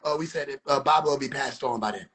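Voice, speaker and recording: A man voicing a calm male believer who gives slow, flat, resigned replies. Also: mid-range voice, pitched below the performer's own voice, lightly acted.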